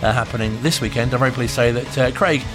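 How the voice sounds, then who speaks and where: Male local radio host, quick, hesitant delivery, music underneath. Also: medium pitch. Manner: hesitant, many uhs.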